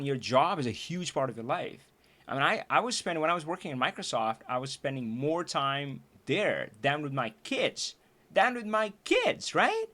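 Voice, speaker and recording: A man talks to his livestream audience in an earnest, searching way. His voice is growing hoarse, and he keeps restarting sentences and breaking into quick laughs as he thinks aloud. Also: mid-range voice, sharp tone. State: losing his voice. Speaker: livestream trainer and host. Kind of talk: casual livestream talk to viewers. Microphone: streaming setup.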